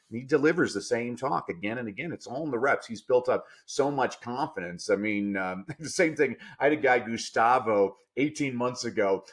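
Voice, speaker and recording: A man speaking as a guest on a podcast, telling coaching stories with lots of energy, jumping from low asides up to loud, emphatic punchlines. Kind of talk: animated storytelling in a podcast interview.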